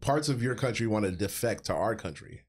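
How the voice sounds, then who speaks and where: A man's voice: lowish voice, lively intonation, fairly quick. A man co-hosting a podcast in casual chat, blunt and sardonic. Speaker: podcast co-host.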